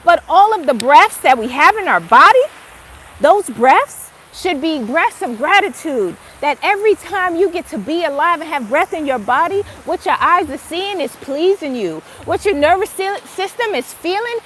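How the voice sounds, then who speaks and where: High-voiced emphatic spiritual speaker woman. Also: lively intonation, a bit bright, a little hiss or hum. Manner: emphatic, swears freely, drawn-out stresses. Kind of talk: casual motivational monologue.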